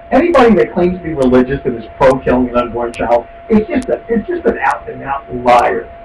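Man, talk radio host, ranting, insulting, higher-pitched, roomy echo, clear hum behind. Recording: echoey, distant, with hum.

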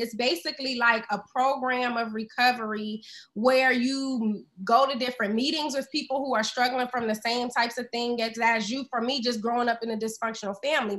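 High, bright-voiced woman talking openly. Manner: earnest, open, uses casual slang. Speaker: podcast guest. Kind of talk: casual podcast conversation.

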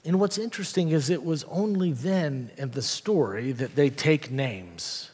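A male pastor preaching a sermon in a church, telling the story with dramatic pauses and wry asides. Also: a little high, animated, a little mellow, husky. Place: church sanctuary. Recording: long church reverb.

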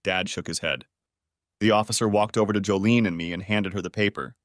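A man's voice: fairly low pitch, steady tone, a little fast, dry recording, studio quality. A man narrating a dramatic first-person story for an audiobook.

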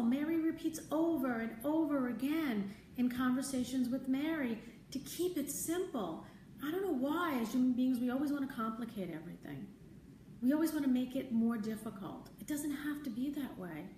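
A woman hosting a live stream as a spiritual teacher, talking gently and conversationally, answering viewer comments and repeating her key phrases. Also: high-pitched, slight background noise. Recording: roomy, distant mic, faint ambience.

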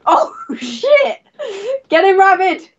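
A woman on casual voice chat while playing an online game, teasing and cheering loudly and swearing often. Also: extremely high pitch, big pitch swings, slow pace. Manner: rowdy, profane, teasing, cheering others on. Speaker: player in an online wrestling game. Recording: slightly muffled voice chat.

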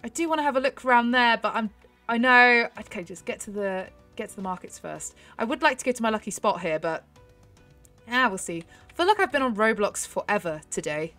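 A young woman chatting excitedly to her viewers while she plays a horse game, giggling often. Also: fairly high pitch, fairly quick, soft background music. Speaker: gaming YouTuber. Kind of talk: casual gameplay commentary.

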